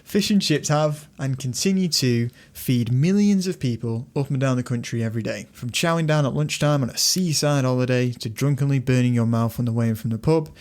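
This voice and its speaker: A man's voice: medium pitch, brisk, few pauses, darkish tone. A young man with a Lancashire accent, co-hosting a casual chat and reading quotes aloud with relish. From Lancashire, England. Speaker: podcast co-host.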